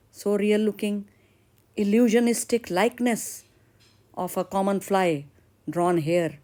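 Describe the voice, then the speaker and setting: Lady teaching english class, slow and steady, asks students questions. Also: medium pitch. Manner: explaining, asking the class questions. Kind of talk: literature lesson with role-play.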